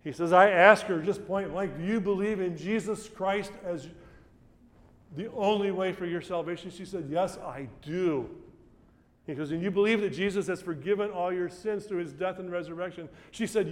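A man's voice: high-pitched, normal speed, long reverb tail. A middle-aged man, preaching a sermon as a pastor and telling a personal story in a conversational way, often restarting his phrases.

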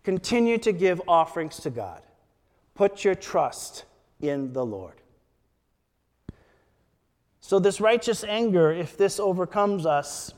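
Slow, measured man preaching in a hall. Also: sits high, darkish tone. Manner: slow, measured preaching with emphatic scripture quotes. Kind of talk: sermon.

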